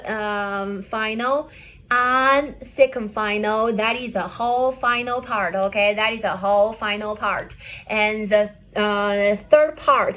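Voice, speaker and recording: A woman teaching a pinyin lesson, repeating every point and checking with "okay?". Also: mid-range voice. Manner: repetitive, drilling each point with "okay?". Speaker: Chinese language teacher.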